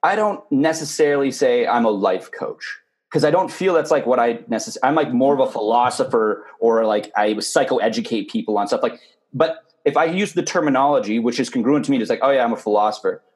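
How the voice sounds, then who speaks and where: A man's voice: mid-range voice, brisk, a little mellow. Thoughtful man with a mid-range voice. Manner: thoughtful, rambling, filler-heavy. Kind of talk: casual podcast conversation.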